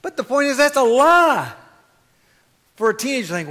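A man preaching a sermon as pastor, swinging from quiet asides to loud, fervent exhortation. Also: very high voice, very animated, moderate pace, big-room sound.

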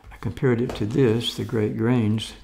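Slow, gravelly man in his seventies. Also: medium pitch, fairly even intonation, warm tone, a little hiss or hum. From United States. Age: 70s. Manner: rambling, folksy, mildly skeptical asides. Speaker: food vlogger. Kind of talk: casual grocery haul show-and-tell.

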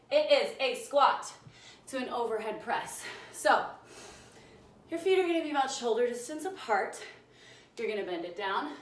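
A woman's voice: on the high side, fairly bright tone. A young woman leading a live home workout class, counting down reps and greeting viewers by name, out of breath from exercising along. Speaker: fitness instructor. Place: home room, indoors. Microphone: phone on a live stream. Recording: echoey room, mic far off.

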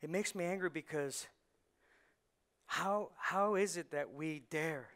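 A man, a pastor, preaching a sermon with rhetorical questions that build to shouting. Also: on the high side, takes it slowly.

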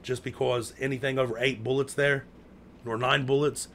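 A man from the United States spins a long story in casual chat, leaning on slang and constant fillers. He jumps into loud outbursts when he acts out what people said. His voice sits in a middle range, with a faint hiss of noise behind it. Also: medium pitch, moderate pace. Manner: animated, acts out quotes with sudden loud outbursts; heavy slang, lots of "bro" and "like".

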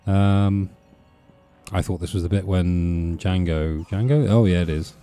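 Low-voiced rambling man gaming. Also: measured pace, warm tone, smooth, faint music behind. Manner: rambling, chatty, self-interrupting with fillers. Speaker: let's play host. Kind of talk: casual gameplay commentary.

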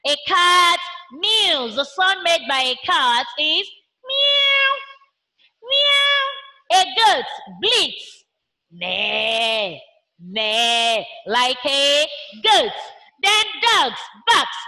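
A woman's voice: very high-pitched, very animated, drawn-out words, pushed and bright. A Nigerian woman teaching young children online in a sing-song voice, imitating animal sounds as she goes. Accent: Nigerian English. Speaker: primary school teacher.

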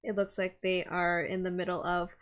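A woman's voice: lowish voice, flat delivery, moderate pace. A woman co-hosting a live stream talk show in casual chat, teasing and joking. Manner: teasing, jokey, bubbly.

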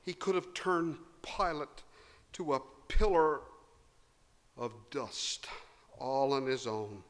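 A man preaching a sermon, swinging between loud emphasis and hushed low tones. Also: expressive, takes it slowly. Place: church hall. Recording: long hall reverb.

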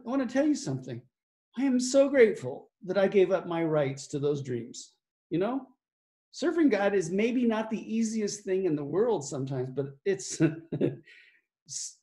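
A pastor teaching from the Bible in a loose, conversational way, reading verses aloud between asides and little chuckles. The voice is dark and mellow. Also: mid-range voice. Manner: reads scripture aloud.

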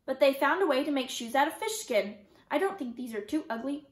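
A woman voicing a patient, gentle mother who speaks soothingly and explains calmly. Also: sits high, brisk. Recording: roomy echo.

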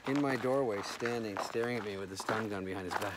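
A man's voice: fairly low pitch, fast talker. A comedian telling a story in casual chat on a hike. He acts out quoted lines and swears often. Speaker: comedian guest. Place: outdoors on a mountain trail. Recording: outdoor background noise.

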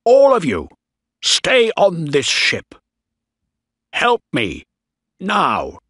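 A man voicing an angry, commanding male ship captain who shouts indignantly. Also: on the low side, big pitch swings, slow pace, no room sound, clean studio sound, full character voice. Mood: shouting.

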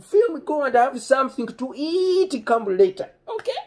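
A man voicing an eager older father who fusses with excited exclamations and stammered repeats. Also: extremely high pitch, fairly quick, slightly rough, voice pushed up, full character voice. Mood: excited fussing.

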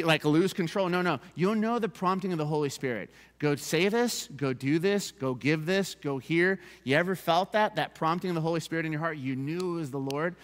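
A man's voice: sits high, fairly bright tone, long reverb tail. A man preaching a sermon as pastor, emphatic and repeating key phrases for his congregation. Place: church sanctuary.

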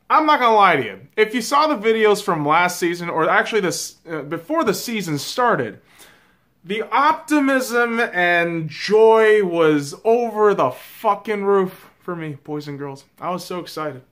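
A man's voice: high-pitched, animated, unhurried, fairly bright tone. A man hosting his own sports vlog, ranting casually with a lot of swearing and addressing his audience as boys and girls. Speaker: sports vlogger. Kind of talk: casual profane rant.

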